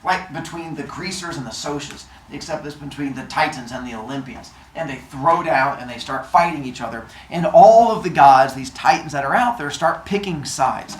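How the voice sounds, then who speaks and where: A man telling a silly myth story playfully, animated, with made-up sound effects. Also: a little high, moderate pace, hardly any pauses, slight background noise. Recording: roomy echo.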